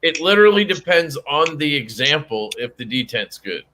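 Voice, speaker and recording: A man's voice: on the high side, big pitch swings, normal speed, pushed and bright, slight background noise. A man hosting a casual chat, joking crudely and talking with lots of energy. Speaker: host.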